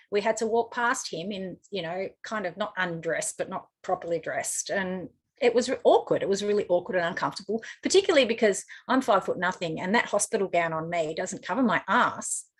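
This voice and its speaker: Aussie woman telling her story in an interview, chatty and blunt, lots of ums, normal pitch. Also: breathy edge. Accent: Australian. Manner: chatty, frank, with frequent fillers. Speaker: interview guest.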